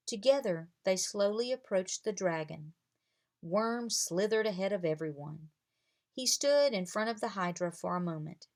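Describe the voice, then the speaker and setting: A woman reading a children's chapter book aloud with expressive storytelling. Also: mid-range voice, normal speed. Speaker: reader.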